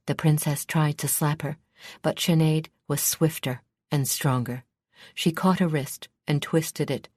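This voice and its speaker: A woman reading a fantasy audiobook in a measured, steady storytelling manner. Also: sits low, dry recording, studio quality. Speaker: audiobook narrator. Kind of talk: scripted narration.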